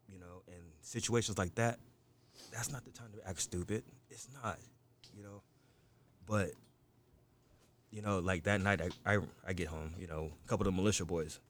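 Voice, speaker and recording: A man in casual group chat, telling a rambling, profane story packed with "you know" and "like". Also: low voice. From United States.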